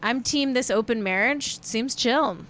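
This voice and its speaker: A woman's voice: a little high, measured pace, fairly bright tone. A woman hosting a celebrity gossip livestream, chatting casually and rambling, correcting herself as she goes. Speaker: celebrity gossip show host.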